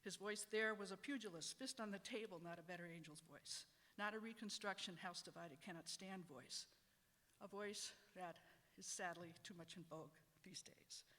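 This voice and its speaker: A middle-aged law professor from Wisconsin giving prepared panel remarks in a wry, measured, reflective way. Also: medium pitch, sharp tone, long reverb tail.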